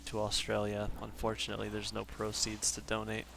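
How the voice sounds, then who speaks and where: A man's voice: fairly low pitch, completely flat delivery, a little fast, creaky, over music. A man streaming a game live, chatting casually and self-deprecatingly with his viewers. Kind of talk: casual live-stream chat while gaming.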